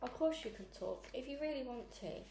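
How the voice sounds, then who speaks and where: Eager young girl for a storybook reading, as a woman reader puts her on; high and earnest, roomy sound. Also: expressive, a little fast, gravelly, dark tone, a little hiss or hum. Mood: coaxing.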